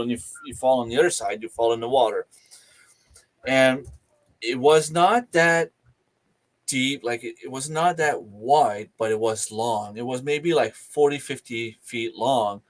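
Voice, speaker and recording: Man telling an animated outdoor story. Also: mid-range voice. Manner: animated, repeats words as he tells a story. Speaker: panel speaker. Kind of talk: casual storytelling on a live show.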